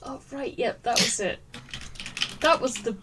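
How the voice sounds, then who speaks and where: A woman's voice: on the high side, measured pace, distant mic, a crowd in the background. A woman running a tabletop game as dungeon master, joking and laughing easily.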